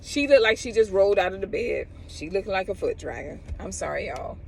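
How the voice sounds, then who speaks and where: A middle-aged cosmetologist gives casual advice outdoors, animatedly acting out other people's lines as she talks. Her mid-range voice is creaky and a little fast, and the audio is poor with slight background noise.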